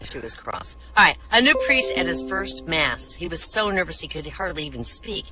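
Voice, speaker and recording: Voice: medium pitch, sing-song, normal speed, crowd noise, poor audio. A stand-up comedian telling a string of jokes at an open mic in an online voice room, chuckling at the punchlines.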